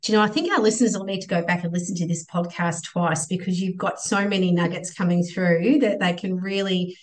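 A woman's voice: on the low side, fairly even intonation, a little fast. A woman hosting a podcast, asking questions hesitantly with frequent fillers and restarts. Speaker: podcast host. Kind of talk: interview questions.

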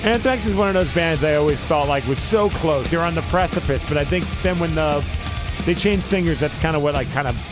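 A man's voice: on the high side, fairly quick, over music. A man hosting a radio show, talking in an enthusiastic, loose and chatty way into a studio microphone. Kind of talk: casual radio interview chat.

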